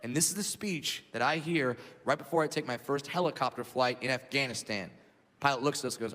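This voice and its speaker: A man in his thirties performing a stand-up comedy set, telling stories loudly and acting out shouted impressions. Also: mid-range voice, fairly quick. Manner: loud, animated storytelling with shouted impressions. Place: theater stage before a laughing audience. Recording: live hall recording, reverberant, noisy.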